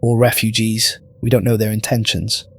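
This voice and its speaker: A man voicing a wary woman co-conspirator in a spoken horror story, talking with hushed urgency in a slightly low voice. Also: monotone, normal speed, husky, no echo.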